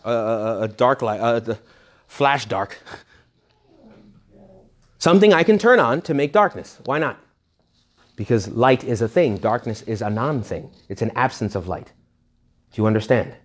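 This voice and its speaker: A man, a priest, giving an informal retreat talk to young adults, animated and conversational, full of rhetorical questions, jokes and quick asides. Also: medium pitch. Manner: rhetorical questions directed at the audience. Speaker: Catholic priest leading a retreat.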